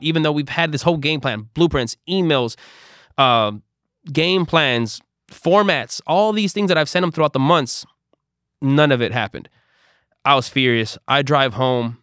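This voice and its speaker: A man's voice: fairly high pitch, bright, forceful tone, clean tone, no echo, studio quality. A young man telling a frustrated personal story to camera, quoting back the exchanges he had. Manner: frustrated, emphatic retelling with quoted exchanges. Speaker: content creator. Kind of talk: storytime vlog.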